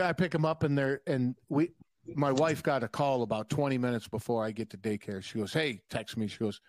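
A young adult man telling profane, animated stories in a casual podcast chat. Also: medium pitch, dry recording. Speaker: podcast guest.

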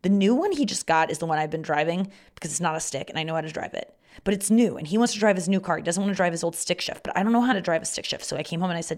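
A young woman hosts her own podcast and talks through stories from her week in a loose, casual way. She swears often and breaks into loud quoted outbursts now and then. Her voice sits a little lower than most women's. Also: rapid-fire. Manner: swears freely, acts out loud quoted shouts. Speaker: podcast host. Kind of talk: casual storytelling monologue.

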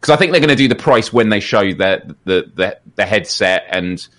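A man's voice: on the low side, animated, normal speed, a bit bright. A man co-hosting a live gaming podcast, chatting casually, asking questions and often restarting his sentences. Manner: hesitant, restarts a lot, asks clarifying questions. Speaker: podcast co-host. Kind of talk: casual live-stream chat.

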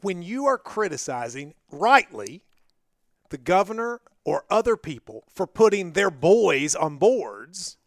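A man's voice: high voice, big pitch swings, a little slow, no echo, studio quality. A man hosting a podcast, telling stories and pressing his guest with challenging questions. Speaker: podcast host. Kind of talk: podcast interview.

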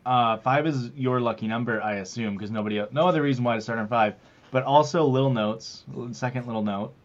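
A man with a mid-range voice talks in a loose, rambling, joking way as he co-hosts a podcast. His audio is dull and lo-fi, because the wrong mic was picked. His pitch sits in the middle. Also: fairly quick. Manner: rambling, jokey, plugs the show. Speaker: podcast host. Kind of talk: casual podcast chat. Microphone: wrong mic picked by the recording software.

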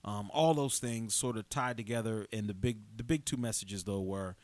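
A man's voice: on the low side, normal speed, no echo. A man in his late thirties, a podcast co-host and comedian, telling stories in casual chat and acting out the characters in them. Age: late 30s. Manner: animated storyteller who acts out characters.

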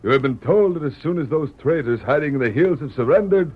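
An actor playing a scheming French army major with a put-on French accent, barking orders in a sly, harsh way. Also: male voice, a little high, expressive, fast, slightly rough, phone-quality sound. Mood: commanding.

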